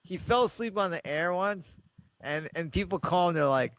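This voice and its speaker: A man's voice: high voice, animated, moderate pace, a bit bright, dry recording, lo-fi sound. A man co-hosting a podcast, chatting casually and rambling through stories while acting out the voices of callers. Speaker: podcast co-host. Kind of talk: casual sports chat.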